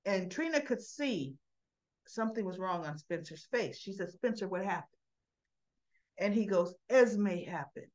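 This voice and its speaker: Woman, soap recap vlogger, chatty, slow, acts out quotes, lo-fi sound. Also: medium pitch, expressive, a little mellow. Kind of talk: casual retelling of a soap episode.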